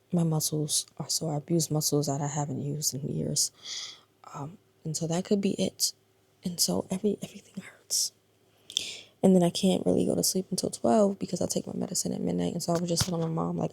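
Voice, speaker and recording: A woman's voice: low voice, a little mellow, no room sound. A woman in her thirties talking casually to her vlog audience, exhausted and in pain, tired and confiding, sometimes sinking to a whisper. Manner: tired, subdued and confiding, drifting into breathy whispers. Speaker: vlogger. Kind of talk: casual personal vlog talk.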